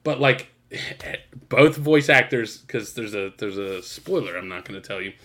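A man co-hosting a podcast, telling stories in an animated, profane, exasperated way. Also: lowish voice, measured pace. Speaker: podcast co-host. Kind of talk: casual podcast chat.

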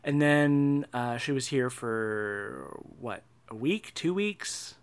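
A young man in a casual personal monologue, halting with many restarts and fillers, and a wry, dark humor. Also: medium pitch, expressive, clear, resonant tone. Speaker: vlogger.

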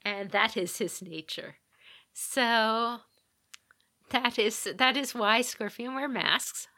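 Woman on a podcast telling an old legend, slow and easygoing, bright voice, dry close sound. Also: a little high, dry recording. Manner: unhurried retelling of a legend with small restarts. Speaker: podcast co-host. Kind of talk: casual chat, storytelling.

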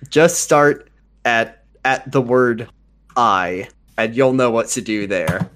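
A man co-hosting a comedy podcast who talks casually, with excitable, swearing outbursts. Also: medium pitch, takes it slowly, a little hiss or hum. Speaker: podcast co-host.

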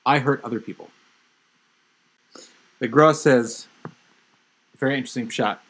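A man's voice: mid-range voice, measured pace, fairly bright tone, rough recording. A man giving a Torah class, telling stories with emphatic, building intensity. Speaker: religious teacher.

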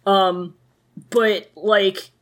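A woman's voice: medium pitch, fairly even intonation, drawn-out words, a bit bright. A woman co-hosting a casual book discussion, giggly and swearing freely.

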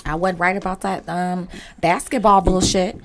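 A woman's voice: lowish voice, fairly even intonation, normal speed, noisy background. A woman, a podcast co-host making wry, blunt remarks in casual chat.

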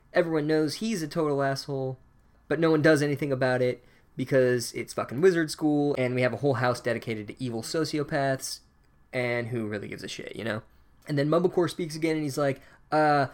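A man giving a casual, sarcastic comedic recap of a book chapter, swearing freely and speaking with a deadpan delivery. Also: medium pitch, a little fast.

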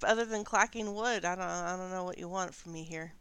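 A woman's voice: lowish voice, a little fast, fairly bright tone, smooth, no echo. A woman narrating as dungeon master of a tabletop game, giggly and rambling, often correcting herself.

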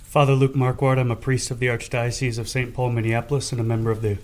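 A man's voice: mid-range voice, flat delivery, quick pace, noisy background. A man, a priest, introducing himself on a podcast in a mild, good-humored way. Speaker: priest guest. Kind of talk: casual self-introduction.

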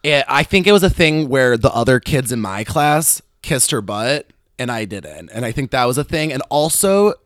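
A young man telling personal stories in casual chat, animated and swearing often, acting out what others said. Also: mid-range voice, moderate pace, few pauses, no echo, clean studio sound. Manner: animated, swearing, quoting others in acted voices. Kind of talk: casual storytelling.

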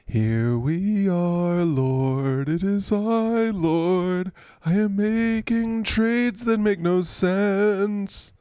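A man putting on a solemn singing voice for a mock hymn to the Lord, stretching the words slowly. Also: high voice, mellow, clear, resonant tone, no echo, clean studio sound, pitched above the performer's own voice. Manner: slow, drawn-out sung lines.

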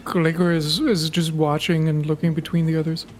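A woman playing a tabletop game, describing her character's moves haltingly. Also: sits low, level tone, darkish tone, a little hiss or hum. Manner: halting, with fillers. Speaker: player.

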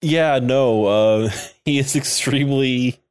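A man's voice: mid-range voice, takes it slowly, clear, resonant tone, no room sound, clean studio sound. A man co-hosting a podcast in casual chat, recapping a show with jokes, laughing often and acting out characters' lines. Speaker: podcast co-host.

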